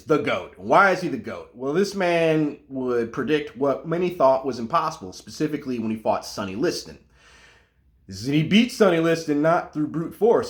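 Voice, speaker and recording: A man giving a casual, animated monologue about martial arts, full of asides and restarts. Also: mid-range voice.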